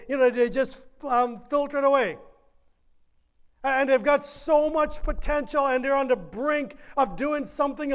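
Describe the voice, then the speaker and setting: A man preaching a sermon as pastor, earnest and driving, with repeated questions and drawn-out lines. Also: very high-pitched, clean tone.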